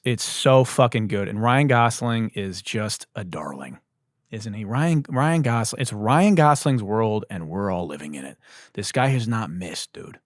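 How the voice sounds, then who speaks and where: A man's voice: on the low side, dry recording, studio quality. A man hosting a podcast, telling stories in a loose, joking, profane style. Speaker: podcast host. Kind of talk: casual comedic monologue.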